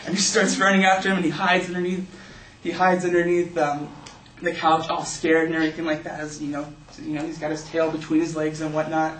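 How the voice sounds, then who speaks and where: A young man with a slightly high voice tells a personal story to an audience in a loose, rambling way, leaning on "like" and "you know". He sounds some distance from the mic in an echoey room with a faint hiss behind him. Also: monotone, a little fast, fairly bright tone. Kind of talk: personal story told as a speech.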